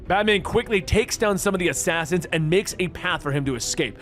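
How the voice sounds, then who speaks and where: A man narrating a comic book story, reading out every character's lines in the same even voice. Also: on the high side, normal speed, few pauses, soft background music.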